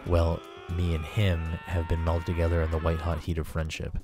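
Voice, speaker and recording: A man's voice: low voice, completely flat delivery, a little fast, natural voice. A man reading the lines of a brash, hot-tempered young male delinquent character in a game. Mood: aggressive. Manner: rough, threatening. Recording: faint game music behind.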